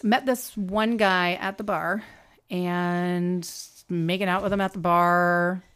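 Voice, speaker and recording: A middle-aged American woman telling a long story in casual chat, animated and quoting people in raised voices. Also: fairly low pitch, slow pace, clean tone. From United States.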